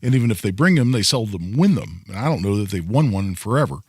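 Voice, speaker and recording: A man's voice: lowish voice, very animated, quick pace, a little mellow, husky, dry recording. A man hosting a call-in radio show about gun law, explaining points in a conversational way and often restarting phrases. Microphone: studio microphone.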